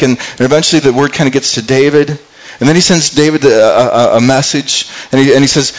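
Male pastor, sermon, earnest storyteller, mid-pitched, repeats words. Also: fairly quick, rough recording.

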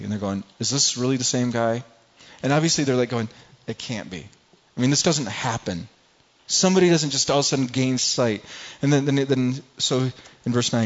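A man preaching a sermon, earnest and repetitive, often restarting words and reading scripture aloud to the congregation. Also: mid-range voice. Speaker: pastor. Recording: dull lo-fi recording.

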